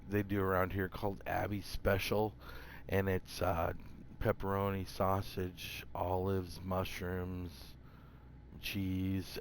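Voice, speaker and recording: Deep gravelly male gamer. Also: slight background noise. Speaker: gamer host. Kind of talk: casual chat while gaming.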